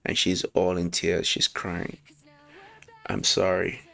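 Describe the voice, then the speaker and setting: A man casually reviewing a manga chapter, reading lines aloud, excited and slangy, laughing often. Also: sits low, slow, gravelly. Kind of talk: casual read-along commentary.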